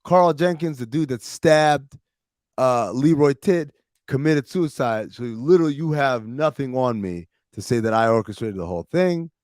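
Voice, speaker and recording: A man hosting a podcast, retelling TV episodes in a casual, profane, animated way with plenty of quoted dialogue. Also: medium pitch, normal speed, dry recording, studio quality. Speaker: podcast host recapping a TV series. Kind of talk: casual recap chat with friends.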